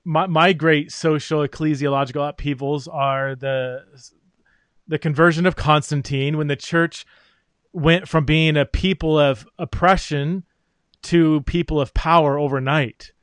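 A man's voice: fairly high pitch, steady tone, a little slow, a bit bright, no echo. A man hosting an interview, speaking thoughtfully with frequent restarts and fillers. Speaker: podcast host, interviewer. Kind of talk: conversational interview.

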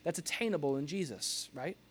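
Animated preacher man, slightly high voice. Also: a little fast, slightly rough. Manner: animated, jokey, acts out grumbling noises. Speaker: pastor. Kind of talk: sermon.

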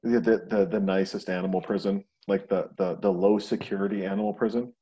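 A man's voice: low voice, fairly even intonation, a little fast, mellow, breathy edge. A man co-hosting a casual movie chat, laid-back with dry humor. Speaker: podcast co-host.

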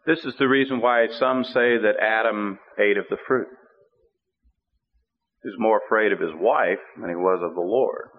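A middle-aged man preaching a sermon, telling the story with animated delivery and acting out the characters' voices. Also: fairly low pitch, moderate pace. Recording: phone-like radio broadcast.

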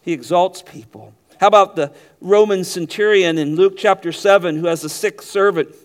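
In his sermon, the male pastor moves between emphatic loudness and quiet, low delivery, often doubling back on words to restart a phrase. His speed is normal.

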